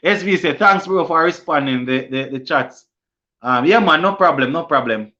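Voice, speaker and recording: A young Jamaican-accented man hosts a cricket live stream for a sports channel, casually reading out viewer comments and responding to them. His voice sits fairly high, with a sharp tone and a normal speed. The audio is lo-fi stream quality.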